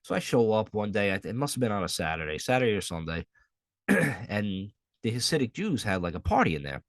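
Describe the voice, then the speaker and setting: A man's voice: lowish voice, very animated, a little fast, no echo. A young adult man hosting a podcast solo, telling a rambling, profane story in a casual way. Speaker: podcast host.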